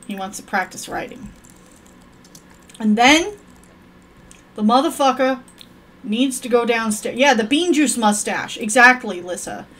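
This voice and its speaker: A woman's gameplay commentary is loose and profane as she talks to her stream and curses out the characters on screen. She has a fairly high, slightly bright voice.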